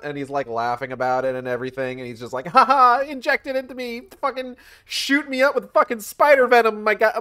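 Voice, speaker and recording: A young man with a medium-pitched voice streams a game, delivering a rambling, profane, animated retelling as casual commentary.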